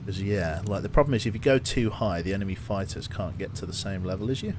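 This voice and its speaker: A man casually commentating his game on a live stream, thinking out loud and talking to his chat. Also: low voice, fast, heavy background noise. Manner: chatty, thinks aloud, talks to chat.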